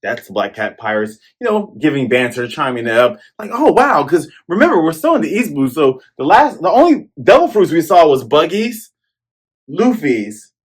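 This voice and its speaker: Lively man reviewing manga. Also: a little high, normal speed, husky. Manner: animated, jokey, acts out lines. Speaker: host.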